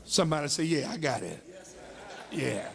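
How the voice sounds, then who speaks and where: A man preaching a sermon in a church, his voice high and gravelly with plenty of fry. He speaks slowly and deliberately, then swells into shouted lines and call-and-response with the congregation, all carried on a long hall reverb. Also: animated, crowd noise. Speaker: pastor.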